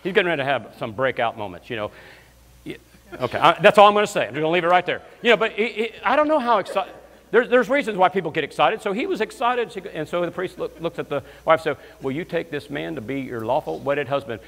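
A fairly high-voiced man preaches in a big, reverberant church hall. He is a guest minister, swinging between hushed storytelling and loud shouted praise. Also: animated, quick pace. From Alabama, US South. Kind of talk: lively comedic sermon. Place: church sanctuary.

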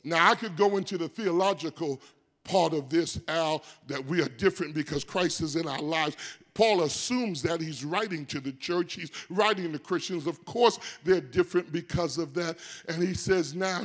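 An older man pastor preaching a sermon in a distinctive high voice, rising into shouted, sing-song preaching. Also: normal speed. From United States. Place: church sanctuary.

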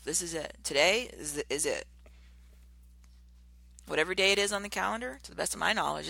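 A woman hosting a motivational podcast, talking passionately and emphatically, and slowing down to stress her key words. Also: sits low, creaky, sharp tone, dry recording. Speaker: podcast host.

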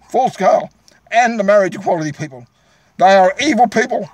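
An Australian man rants into the camera, angry and combative, circling back to the same points again and again. His voice sits high for a man, and the sound is close and dry with almost no room around it. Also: lively intonation, normal speed, dry recording. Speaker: vlogger. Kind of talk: angry direct-to-camera rant.

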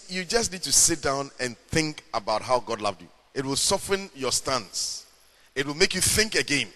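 A middle-aged male pastor delivering a sermon in a slow, measured way, stretching words for emphasis. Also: fairly high pitch, bright, forceful tone. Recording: long hall reverb.

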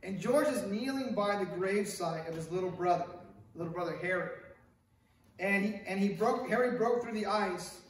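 A middle-aged man preaches to his church in a lively, storytelling way, acting out quotes and tossing in asides. His voice sits fairly high for a man. He sounds set back from the mic in a very echoey room with faint hiss. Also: normal speed. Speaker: pastor. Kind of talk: sermon. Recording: echoey room picked up from a distance.

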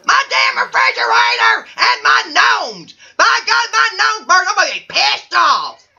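A woman voicing a crude, cursing, grumpy male bachelor who shouts and swears. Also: very high-pitched, wildly swooping pitch, normal speed, vocal fry, far from the mic, dull audio, full character voice. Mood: angry.

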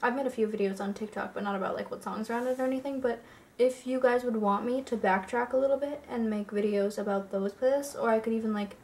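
A woman's voice: fairly high pitch, fairly even intonation, quick pace, darkish tone. A young woman chatting casually to her viewers in a rambling vlog, full of fillers. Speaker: YouTuber.

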